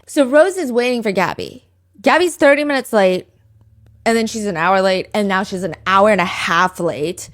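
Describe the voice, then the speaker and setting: A woman hosting a true crime podcast, retelling a case in a chatty, casual way full of "like" fillers and quick asides. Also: medium pitch, expressive. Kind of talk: casual storytelling chat.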